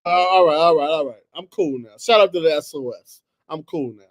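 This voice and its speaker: Fired-up high-voiced man ranting sports. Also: fairly quick. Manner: heated, exasperated, swings between loud outbursts and low muttering. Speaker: sports commentary host. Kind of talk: animated solo sports talk.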